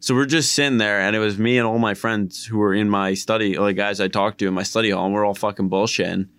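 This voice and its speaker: A man's voice: fairly low pitch, fast talker, smooth, dry recording. Young jersey guy telling a story all worked up, swears a lot, dry close sound. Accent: New Jersey. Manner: animated storyteller, swears, laughs. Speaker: podcast co-host. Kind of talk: casual chat.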